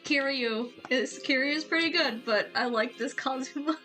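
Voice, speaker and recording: A woman's voice: high-pitched, moderate pace, sharp tone. A woman streamer giving casual, chatty commentary while playing a game, laughing and swearing at it. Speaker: gaming streamer. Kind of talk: casual let's-play commentary. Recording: game music behind.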